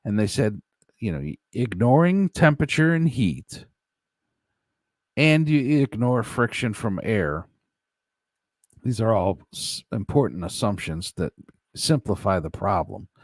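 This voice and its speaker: A man's voice: lowish voice, sing-song, a little slow, pauses often, no room sound, studio quality. A man hosting a casual live stream, reading chat aloud, joking and laughing often. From United States. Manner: laughs often, jokey, plays silly voices for chat.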